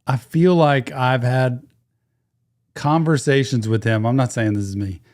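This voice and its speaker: Unhurried and slightly dark in tone, a medium-pitched male therapist comments on a song as it plays. His reaction is casual, eager and thoughtful, and he speaks right over the track while the music runs in the background.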